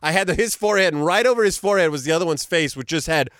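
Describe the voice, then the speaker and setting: A middle-aged man telling a story in casual chat, animated and laughing often. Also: on the high side, racing.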